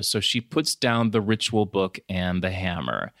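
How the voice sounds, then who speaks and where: Dude hosting a podcast, crisp bright voice, dry close sound, sprinkles in while recapping a movie. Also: male voice, low-pitched, a little slow, dry recording. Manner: animated storyteller mixing in Spanish words, swears and laughs. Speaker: podcast host. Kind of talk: casual chat recapping a film.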